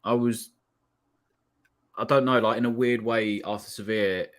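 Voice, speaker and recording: A man's voice: fairly low pitch, fairly even intonation, normal speed. A man chatting animatedly after a match, rambling and full of likes. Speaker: fan panel guest. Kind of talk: excited post-match fan chat.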